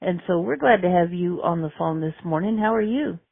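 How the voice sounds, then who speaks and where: A woman's voice: fairly low pitch, animated, fairly quick, vocal fry, slightly rough, no room sound. A woman from Texas, hosting a radio interview in a chatty, giggly way. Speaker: radio host. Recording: phone-like radio audio.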